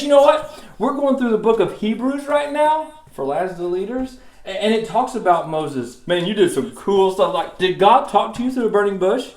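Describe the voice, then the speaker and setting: Goofy excited guy teaching kids at church, high lively voice, echoey room. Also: normal speed. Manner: excited, goofy, lots of laughing and exclamations. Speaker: children's class teacher. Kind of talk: playful kids' Bible lesson. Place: church classroom.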